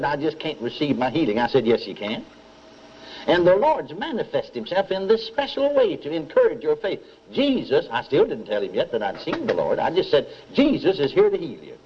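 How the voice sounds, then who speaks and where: A man's voice: medium pitch, slightly rough, dull audio. An older man preaching a sermon, telling a story with acted-out dialogue and calling on the congregation for amens. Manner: animated storytelling, repeats dialogue, asks audience for amens.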